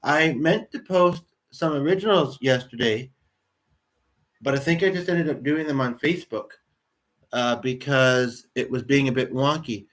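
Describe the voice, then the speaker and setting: A man's voice: medium pitch, a little slow, fairly bright tone. A man in his thirties from Canada, hosting a casual livestream and chatting in a rambling way with viewers in the chat. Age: 30s. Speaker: livestream host.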